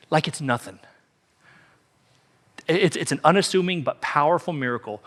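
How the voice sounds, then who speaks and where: A man's voice: on the high side, lively intonation, normal speed, fairly bright tone. A man preaching a sermon as pastor, telling the story emphatically and repeating key phrases.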